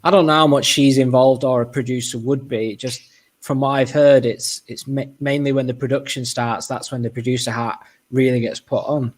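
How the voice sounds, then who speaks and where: Man, mid-pitched voice, thoughtful and explanatory, co-host on a fan chat; brief: steady, measured talker. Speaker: podcast co-host. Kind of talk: casual chat.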